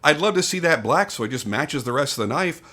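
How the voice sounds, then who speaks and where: A man's voice: fairly high pitch, expressive, a little fast, pushed and bright. Candid older man reviewing a knife. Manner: candid, swears, thinks aloud with restarts. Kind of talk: casual product review.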